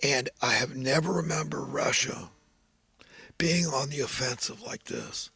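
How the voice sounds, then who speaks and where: A man's voice: mid-range voice, unhurried, gravelly, bright, forceful tone, breathy edge, dry recording. A man giving a rambling, fervent, preachy monologue as host. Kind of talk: impassioned political monologue.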